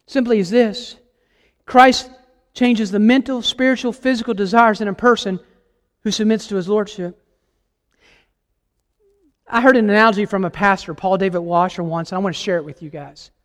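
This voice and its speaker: A man's voice: sits high, fairly even intonation, moderate pace, pauses often, in a large hall. A man preaching a sermon as a guest preacher, emphatic and impassioned, putting questions to the congregation. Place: church sanctuary.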